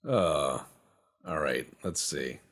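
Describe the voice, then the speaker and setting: A man with a deep, husky voice riffs casually over his gameplay. He rambles from thought to thought, tossing in profane jokes and goofy boasts in a loose, unscripted way. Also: slow pace, a bit bright. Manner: rambling, joking, profane banter. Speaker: game streamer.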